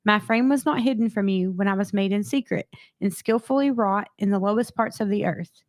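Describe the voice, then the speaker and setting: A woman's voice: medium pitch, fairly quick, darkish tone, no echo. A woman in a Bible study reading scripture steadily and adding a brief comment.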